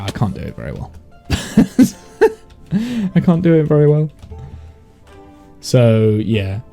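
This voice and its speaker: A man's voice: medium pitch, mellow. A man from the English Midlands, with received pronunciation and a northern tinge, chatting casually on a game stream and thinking aloud with lots of fillers and restarts. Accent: English, received pronunciation mixed with Midlands/northern. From Midlands of England. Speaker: live streamer reading chat. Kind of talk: casual chat while gaming.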